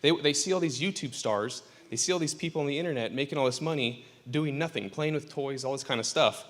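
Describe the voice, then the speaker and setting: A man's voice: a little high, fast talker. Joking man preaching in an echoing church. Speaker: pastor. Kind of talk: casual sermon. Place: church sanctuary. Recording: church hall reverb.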